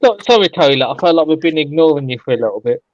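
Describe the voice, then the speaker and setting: A man's voice: fairly high pitch, animated, rapid-fire, lo-fi sound, crowd noise. A man from the English Black Country with a strong local accent, chatting hesitantly as a guest on a live stream. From England. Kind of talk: casual group chat.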